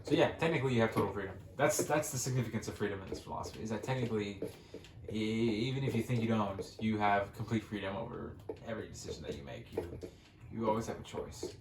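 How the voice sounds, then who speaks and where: A young man rambles through casual gameplay commentary, swearing often and restarting his thoughts. His voice sits a little low. It is recorded in an echoey room with a faint hiss behind it. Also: fast. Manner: rambling, swears freely, frequent restarts and fillers. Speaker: gaming channel host.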